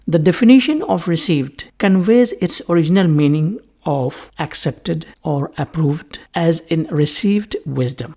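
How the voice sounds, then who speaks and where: A man's voice: on the high side, gravelly, mellow, slightly rough. A man giving a recorded English language lecture, methodically repeating key terms and moving on with set phrases. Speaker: English teacher.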